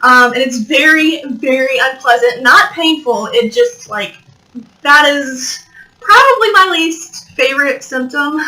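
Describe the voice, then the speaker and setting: A woman's voice: high-pitched, pushed and bright, low-quality recording. A young woman rambling and joking as she tells a story in a casual vlog, recorded without her mic plugged in. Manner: rambling, joking, swears, laughs often. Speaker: vlogger. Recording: built-in mic, mic not plugged in.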